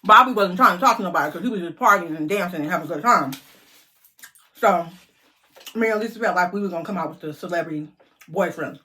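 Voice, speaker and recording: A middle-aged woman vlogger telling a lively story to her viewers, chatty and animated. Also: fairly low pitch, quick pace, long pauses.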